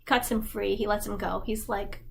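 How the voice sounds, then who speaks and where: A woman's voice: mid-range voice, steady tone, normal speed, vocal fry, slight background noise. Chatty woman, irreverent plot summary. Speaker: YouTube creator. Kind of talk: casual story summary.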